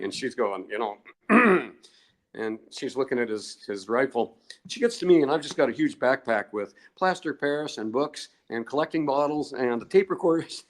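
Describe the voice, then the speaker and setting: Older male interview guest; digressive, chuckling storyteller at an average pitch. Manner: rambling, digressive, chuckles often. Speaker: guest researcher.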